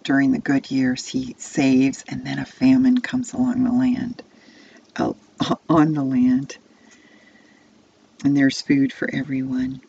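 A woman's voice: very deep voice, little pitch movement, slow, vocal fry, long pauses, mellow, husky, dull audio. A woman telling a Bible story to children, placing the listener inside the tale as "you". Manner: second-person immersive storytelling.

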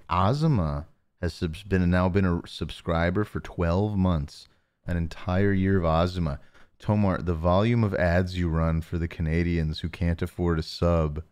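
Soft-spoken deep-voiced male streamer. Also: clear, resonant tone. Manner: talks softly to save his voice; joking, reads chat names aloud. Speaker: livestream host. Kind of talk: casual chat with live chat. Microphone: close mic.

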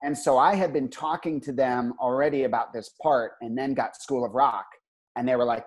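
A man talking as a podcast guest, relaxed and laughing along as he tells how he got a part. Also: medium pitch, moderate pace. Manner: relaxed, laughs along, retells past talks. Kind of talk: casual interview chat.

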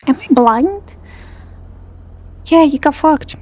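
A young woman hosting a reaction video, talking back at the screen, excitable and swearing freely. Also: high-pitched, unhurried, muffled recording. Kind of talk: casual reaction commentary.

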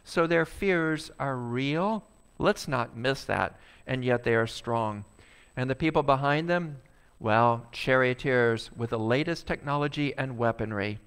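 A male pastor preaching a sermon, animated and acting out a complaining crowd. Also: mid-range voice, unhurried, smooth.

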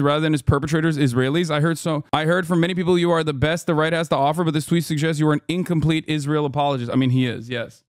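A man's voice: on the high side, no room sound, clean studio sound. A man hosting a live stream, talking bluntly and sarcastically in casual commentary, swearing often. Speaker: streamer host.

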